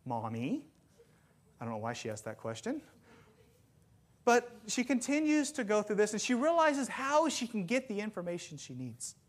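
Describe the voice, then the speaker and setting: Lively, animated male preacher. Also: sits high, moderate pace. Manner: lively storytelling, self-deprecating asides. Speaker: pastor. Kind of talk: sermon with jokes. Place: church sanctuary with congregation.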